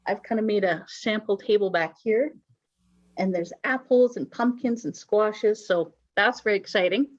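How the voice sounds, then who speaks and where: A woman's voice: medium pitch, normal speed. A woman hosting a church service, telling pirate jokes and giving playful announcements. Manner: playful, joking, with pirate banter. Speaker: worship service host. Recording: dull lo-fi recording.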